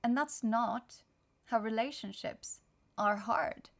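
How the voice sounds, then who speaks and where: Rambling, animated woman tarot reader. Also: on the high side, slow, creaky. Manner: rambling, self-interrupting, animated. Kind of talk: casual tarot reading monologue.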